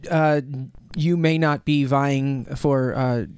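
A man's voice: mid-range voice, steady tone, slow, a little mellow, smooth, no room sound. A man hosting a radio interview, an eager fan who stumbles over his words. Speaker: radio host.

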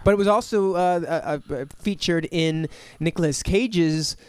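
A man's voice: a little high, unhurried, a little mellow, clear, resonant tone, dry recording. A man co-hosting a live radio show, rambling with fillers while plugging giveaways. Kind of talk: live radio banter and promos.

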